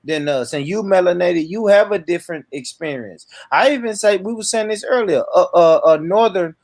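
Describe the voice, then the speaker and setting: A man's voice: high voice, normal speed, darkish tone. A man from Tennessee hosting a casual panel chat, easygoing, laughing often and steering the talk. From Tennessee, United States. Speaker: podcast host.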